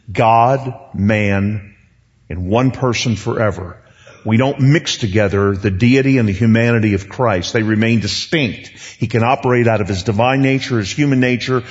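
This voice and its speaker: An older man preaching a sermon, pressing his points by repeating words. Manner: emphatic, repeats words for stress. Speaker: pastor. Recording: long reverb in a dull low-fi recording.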